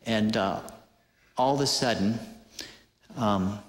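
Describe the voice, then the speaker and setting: A man preaching a sermon, telling a story in an animated way with many hesitant fillers. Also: lowish voice, slow. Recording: echoey hall with long reverb.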